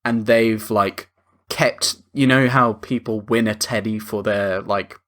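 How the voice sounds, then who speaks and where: A man's voice: on the low side, steady tone, takes it slowly, a bit bright. A young man co-hosting a film podcast, ranting in a sweary, exasperated way during casual chat. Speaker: podcast co-host.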